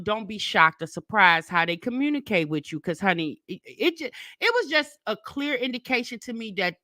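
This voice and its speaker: A middle-aged woman, chatting casually on a live stream and telling stories, animated and laughing often. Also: a little high, no room sound. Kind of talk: casual live chat storytelling.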